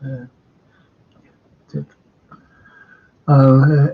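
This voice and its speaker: Man, football show host, gravelly and husky, indignant rambling chat. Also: medium pitch, fairly even intonation, a little slow, pauses often, a little mellow, highs cut off. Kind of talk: live-streamed fan chat.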